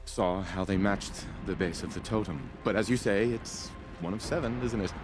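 A man's voice: on the low side, close to an everyday voice. A man voicing a reverent tribal scholar. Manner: reverent, measured storytelling. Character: earnest scholarly tribal man, keeper of a shrine. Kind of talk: video game dialogue. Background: game music.

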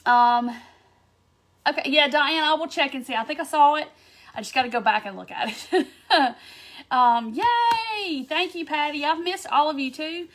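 A cheerful woman hosts a live craft stream. Her voice sits notably high, and her blocked sinuses give it a stuffy, congested sound. She chats in a bubbly, excitable way and greets her viewers by name. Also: normal speed. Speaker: craft livestream host. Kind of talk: casual livestream chat greeting viewers.

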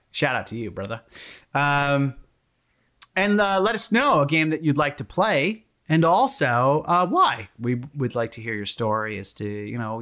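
Lively, joking male podcast co-host. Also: medium pitch. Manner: joking, teasing, crude jokes. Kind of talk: casual chat.

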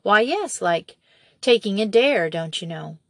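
A woman reading a storybook and voicing a brisk, practical young farm woman who speaks in a matter-of-fact way. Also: mid-range voice, lively intonation, a bit bright, no room sound, studio quality.

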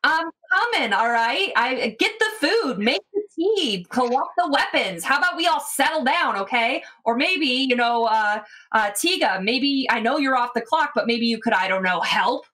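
A harried, high-pitched tavern cook barks orders over the kitchen din, as a woman game master puts her on. She sounds brisk and scolding, her voice pushed well above its usual height. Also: animated, sharp tone, recorded from a distance. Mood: exasperated. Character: hot-tempered overworked female inn cook.

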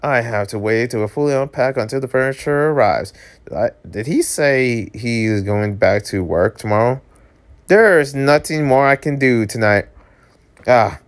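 Brief: man reading a romance comic aloud, casual, jokey, animated reactions. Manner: animated, jokey, yelps high on surprise. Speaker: channel host reading a webcomic aloud.

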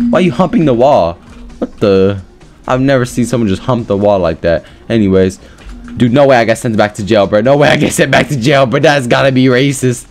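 A young man doing casual gameplay commentary as a gaming YouTuber, joking to himself and then breaking into loud, excited yelling. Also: mid-range voice.

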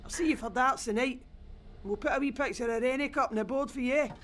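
A man's voice: extremely high pitch, fast talker, fairly bright tone, a little hiss or hum. Grumbly scottish oil rig guy in a game, swears a lot, blunt. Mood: grumbling. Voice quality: blunt, sweary, matter-of-fact. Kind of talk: game voice acting.

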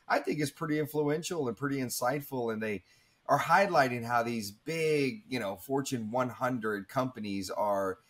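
Husky, earnest man telling his story. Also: mid-range voice, moderate pace, a bit bright. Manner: earnest and reflective, with many fillers and restarts. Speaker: guest speaker. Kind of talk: candid storytelling interview.

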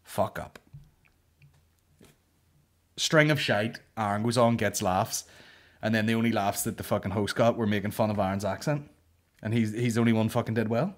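A Northern Irish man hosting a comedy podcast, swearing freely and animated in casual banter. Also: lowish voice, fast talker. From Northern Ireland. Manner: sweary, animated, mimics voices mid-story. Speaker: podcast host.

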